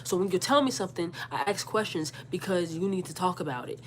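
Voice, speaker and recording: A young woman telling a casual storytime rant, animated and incredulous, arguing her side. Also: fairly low pitch, fast, slight background noise. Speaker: vlogger.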